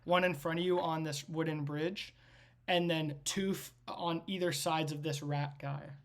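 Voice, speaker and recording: A man's voice: fairly high pitch, steady tone, a little slow. A man working as game master, describing a scene in loose, rambling narration full of fillers.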